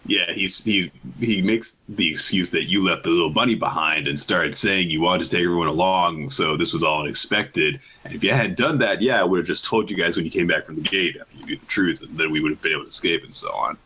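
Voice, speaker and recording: A man's voice: fast talker, hardly any pauses, slightly rough, rough recording. A man co-hosting a casual podcast, recapping manga chapters and acting out characters' lines. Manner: animated, acts out characters' lines in high voices. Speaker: podcast co-host.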